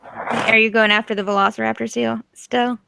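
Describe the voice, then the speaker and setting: A woman narrating and refereeing a tabletop role-playing game in a casual, relaxed way. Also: on the high side, normal speed, vocal fry, noisy background. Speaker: game master.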